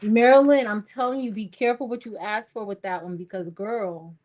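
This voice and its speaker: A woman's voice: mid-range voice, normal speed, darkish tone. A middle-aged woman hosting a crafting livestream, chatting casually with viewers while she works. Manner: chatty, storytelling, talks to viewers as y'all.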